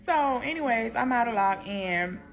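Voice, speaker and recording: A young woman telling a prison story in a storytime vlog, animated and slangy, laughing as she goes. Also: fairly high pitch, normal speed, soft background music.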